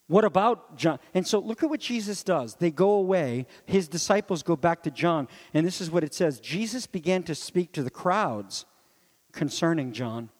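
A man preaching a sermon as pastor, animated and full of rhetorical questions, dropping now and then to soft low asides. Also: normal speed. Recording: long reverb of a large hall.

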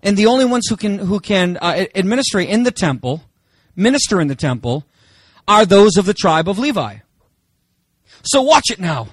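A man's voice: sits high, big pitch swings, normal speed, dry recording. A man preaching a sermon as pastor, emphatic and full of rhetorical questions to the congregation. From Germany.

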